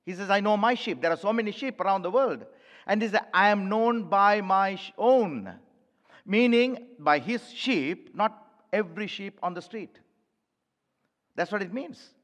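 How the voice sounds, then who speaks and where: A male pastor delivers an emphatic sermon, his voice sitting high for a man. He speaks straight to the congregation, calling them church. The sound carries a long reverb from a large sanctuary. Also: animated, unhurried, a bit bright.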